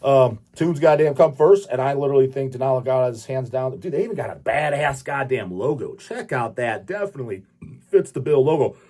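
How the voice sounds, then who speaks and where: A man's voice: mid-range voice, lively intonation, brisk, mellow. A man hosting his own channel, ranting casually in a rambling, profane way and laughing often. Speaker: channel host.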